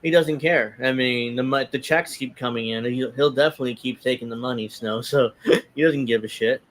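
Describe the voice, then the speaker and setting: A man's voice: mid-range voice, brisk. Sarcastic man reading tweets aloud. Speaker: political commentary host. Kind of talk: casual political commentary.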